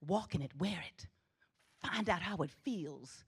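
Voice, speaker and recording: A woman's voice: fairly low pitch, expressive, a little slow, husky. A middle-aged woman giving a spirited commencement address on a theatre stage, with an emphatic preaching cadence and repeated exhortations. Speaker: graduation ceremony speaker.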